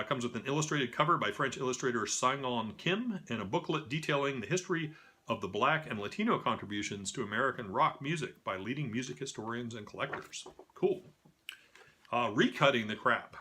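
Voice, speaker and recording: A man reads through a list of upcoming vinyl releases in a casual, half-scripted way. His voice is bright and forward, sitting at an ordinary pitch. He keeps stepping out of the listings for dry, self-mocking asides. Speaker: record store staff presenting new releases. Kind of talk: casual scripted product rundown.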